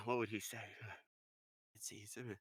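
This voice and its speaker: An American man, a voice actor, chatting in a lively, jokey way as a podcast guest. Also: medium pitch, measured pace, vocal fry, breathy edge, no room sound, clean studio sound. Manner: animated, jokey, full of fillers. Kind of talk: casual podcast chat.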